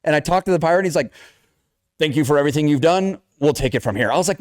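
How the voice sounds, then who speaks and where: A man's voice: on the high side, fast talker, no echo, clean studio sound. A young man co-hosting a casual chat, telling a video game story with lots of swearing and acted-out lines. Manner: animated storytelling, acts out game characters, swears a lot. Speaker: podcast co-host.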